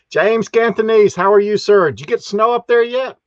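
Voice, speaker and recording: A man hosts a live stream, greeting each viewer in a folksy way. His voice sits a little high. The sound is dry and slightly dull, like a lo-fi home setup. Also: a little slow, dry recording. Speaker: host.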